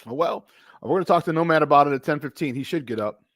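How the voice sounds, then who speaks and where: A middle-aged man hosting a live sports talk stream, animated and emphatic, repeating his points and greeting viewers by name. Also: a little high, fast talker, no echo, clean studio sound. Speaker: sports talk show host.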